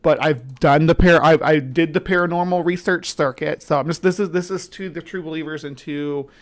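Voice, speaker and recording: A woman's voice: low-pitched, fairly quick. Chatty woman from the middle of the us, rambling livestream host, casual skeptic. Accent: central US. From central US, between the South and the upper Midwest. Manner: rambling, chatty, greets viewers as they join.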